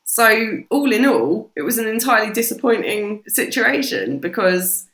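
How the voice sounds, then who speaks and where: A British woman, a podcast guest, telling stories in a casual, animated way and swearing freely. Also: on the high side, normal speed. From Britain. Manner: animated, swears freely, acts out quoted voices. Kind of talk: casual storytelling chat. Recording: roomy echo.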